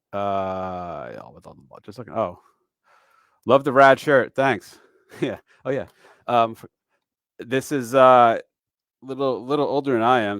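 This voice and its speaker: Man, 40s, live-stream tax educator; slightly low voice, chatty and self-deprecating, dad-joke humor, dry close sound. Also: no room sound. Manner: loose and chatty with dad jokes, many fillers. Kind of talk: casual live-stream walkthrough.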